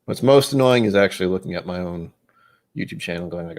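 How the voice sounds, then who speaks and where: A man's voice: deep voice, expressive, rapid-fire, gravelly, darkish tone. A man hosting a casual livestream, rambling in a self-deprecating way and muttering asides to himself. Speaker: livestream host.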